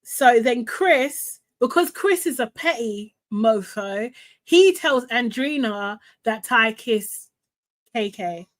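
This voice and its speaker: A woman host chatting live to her viewers, animated and laughing often, with lots of fillers. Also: on the high side, takes it slowly. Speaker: host recapping a reality show. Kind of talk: live casual chat to viewers.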